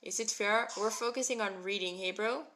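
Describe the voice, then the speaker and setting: A woman's voice: mid-range voice, fairly even intonation, fairly quick, bright, forceful tone, a little hiss or hum. A woman in her thirties teaching a live Hebrew reading class, chatting with viewers and answering them by name. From moved to Israel as an adult. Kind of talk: live-stream lesson, reading viewer comments.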